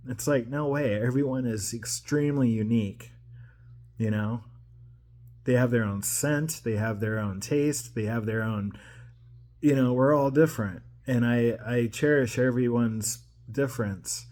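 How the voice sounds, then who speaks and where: A man's voice: medium pitch, unhurried, a little mellow. A man in his forties from the Pacific Northwest, talking to camera in a personal monologue, emotional and rambling, with restarts and repeated phrases. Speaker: vlogger.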